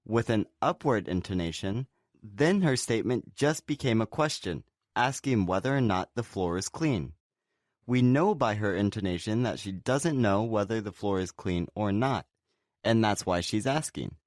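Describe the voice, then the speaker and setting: A man co-hosting a scripted pronunciation lesson. His voice sits on the low side, and he explains things clearly and steadily. The sound is dry, with no room around it. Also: expressive, moderate pace, no room sound. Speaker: pronunciation teacher.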